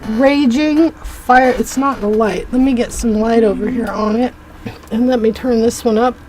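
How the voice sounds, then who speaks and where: Chatty woman opening her mail, voice a bit high, easily delighted, faint hum of room noise. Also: a little mellow, rough recording. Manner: chatty and effusive, quick to gush. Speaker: craft vlogger. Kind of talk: casual chat while unboxing mail.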